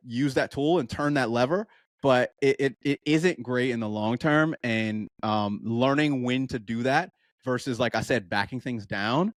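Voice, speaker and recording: Animated man, coach chatting casually. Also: medium pitch, no room sound, clean studio sound. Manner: animated storytelling, acts out quoted voices. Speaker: running coach. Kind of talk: casual podcast chat.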